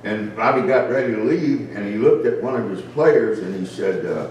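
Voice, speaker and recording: A man's voice: fairly low pitch, darkish tone, a little hiss or hum. Folksy male storyteller in an echoey room. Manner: folksy and unhurried, with frequent fillers and asides. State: dry mouth from medication. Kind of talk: spoken storytelling for a live audience. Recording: roomy, distant room recording with guitar behind.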